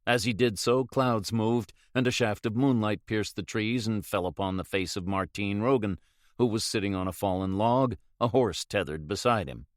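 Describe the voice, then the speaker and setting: A man reading a novel aloud in measured, even scripted narration. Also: fairly low pitch, dry recording, studio quality. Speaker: audiobook narrator.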